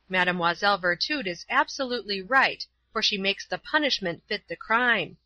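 Woman reading a storybook aloud, bright voice, dry close sound. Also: mid-range voice, expressive, moderate pace, few pauses, no echo, rough recording. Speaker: audiobook narrator. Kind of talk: scripted narration.

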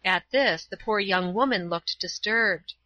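A woman narrating a storybook in a calm, measured reading. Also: medium pitch, no echo. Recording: slightly dull, dry recording.

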